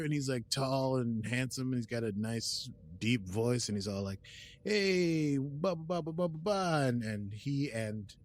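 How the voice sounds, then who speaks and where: This is a man at a mid-range pitch, chatting his way through an episode recap on a podcast. He rambles, restarts and leans on filler words. Every so often he drops into brief quoted bits of the characters' lines before carrying on. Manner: plays out characters' lines in quick quoted asides. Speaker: podcast host.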